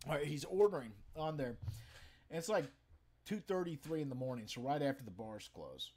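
A man telling stories to a live stream from his home den, profane and animated, swinging from loud outbursts to low mutters. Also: fairly quick. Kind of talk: casual storytelling to a live chat. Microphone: webcam setup.

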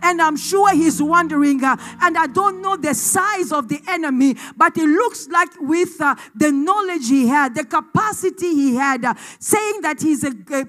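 A woman pastor preaching a passionate sermon in church, often shouting, with frequent "uh" fillers. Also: high voice, moderate pace, hardly any pauses.

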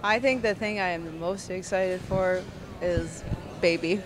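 A woman's voice: fairly low pitch, steady tone, measured pace, a crowd in the background. A woman, a guest farmer chatting in an interview at a busy convention hall, with lots of fillers. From Ontario, Canada. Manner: chatty, frequent fillers and laughs. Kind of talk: casual storytelling interview.

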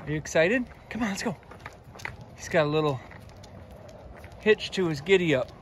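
A man's voice: fairly high pitch, expressive, normal speed, slight background noise. A man hosting a dog vlog at home, chatting fondly and repeating commands to his dogs in the yard and house. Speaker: dog channel host. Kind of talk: casual vlog talk.

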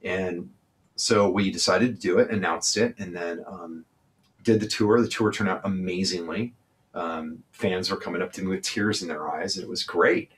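Blunt, low-voiced man from California. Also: fairly even intonation, normal speed. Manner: blunt, profane and emphatic. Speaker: interview guest, singer. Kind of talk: candid interview talk.

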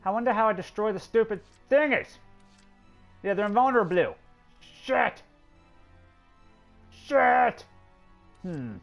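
A man's voice: high-pitched, sing-song, fairly quick, faint music behind. Man swearing through a war game. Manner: exasperated, swearing, talking to game characters. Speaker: gameplay commentator. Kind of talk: let's play commentary.

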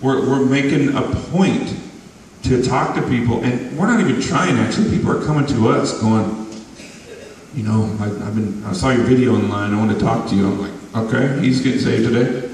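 A man's voice: medium pitch, brisk, a little mellow, distant mic, slight background noise. Rambling man in an echoey hall. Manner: loose, rambling, laughs often. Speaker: guest musician. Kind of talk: testimony interview.

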